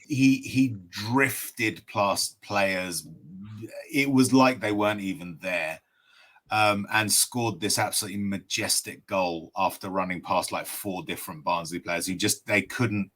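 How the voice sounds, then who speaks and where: A man's voice: lowish voice, a bit bright. A man chatting as a podcast guest, thoughtful and hesitant, with many restarts. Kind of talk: casual chat.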